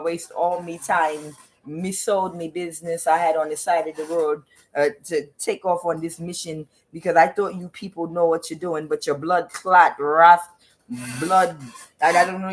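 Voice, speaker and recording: A tarot reader voicing a broke male Rasta street vendor, in a mock Jamaican accent, with slow, cursing complaints. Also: mid-range voice, natural voice, rough recording.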